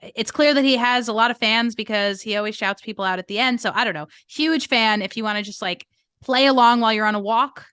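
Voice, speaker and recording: A woman's voice: a little high, fairly quick, a bit bright, smooth, dry recording. A woman from the United States, a podcast guest, chatting in an upbeat way. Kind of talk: casual podcast chat.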